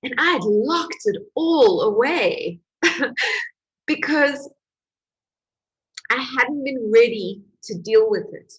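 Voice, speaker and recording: A woman's voice: on the high side, animated, slow pace, long pauses, fairly bright tone, breathy edge, muffled recording. A woman, a healing course coach giving a candid motivational talk, telling her story with emotion and confessional openness.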